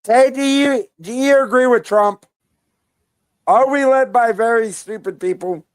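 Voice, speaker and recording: A woman's voice: fairly high pitch, unhurried. A woman hosting a reaction video, talking in a blunt, rambling, slangy way. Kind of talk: casual reaction commentary.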